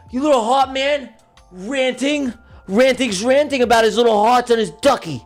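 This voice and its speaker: A man hosting a livestream giveaway, calling a mock race in a joking, excitable way that bursts into shouts. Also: very high-pitched, normal speed, faint music behind. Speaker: livestream host running a giveaway. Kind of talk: mock race-caller commentary.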